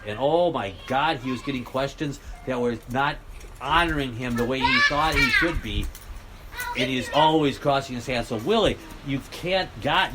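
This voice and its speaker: A man's voice: medium pitch, background noise. Rambling older man talking outdoors. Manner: blunt, joking, rambling, laughs often. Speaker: vlogger. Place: outdoors near a road.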